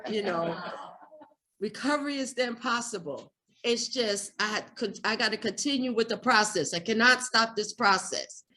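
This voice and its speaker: A woman's voice: a little high, pushed and bright. A woman giving an emotional personal share at a recovery workshop, raw and candid, cursing freely and repeating herself.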